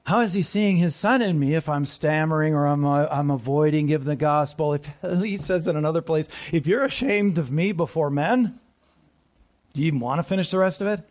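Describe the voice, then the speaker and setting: A man's voice: on the high side, brisk. Preaching man asking the room questions. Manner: call-and-response questions to the congregation, dropping to soft asides. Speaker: pastor. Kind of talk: sermon.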